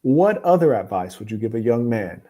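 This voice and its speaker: A man's voice: medium pitch, very animated, moderate pace, mellow. A man voicing an earnest young man politely asking for advice, in a retold story. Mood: eager.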